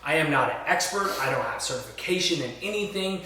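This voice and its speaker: A man hosting a casual chat, upbeat and energetic, recorded in a room with roomy echo, a bit away from the mic. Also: a little high, fast talker, recorded from a distance, a little hiss or hum. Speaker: podcast host.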